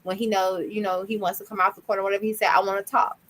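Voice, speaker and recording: A woman's voice: medium pitch, level tone, rapid-fire, a bit bright, poor audio. A young woman co-hosting a casual podcast chat, talking earnestly and at times acting out her small child's replies. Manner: earnest, acts out her toddler's voice. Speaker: podcast co-host.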